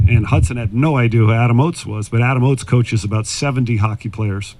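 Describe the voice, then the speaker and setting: A man's voice: mid-range voice, a little fast, a little mellow. Man telling golf stories outdoors. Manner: anecdotal, acts out quoted dialogue. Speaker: former tour golfer giving putting advice. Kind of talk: casual storytelling talk.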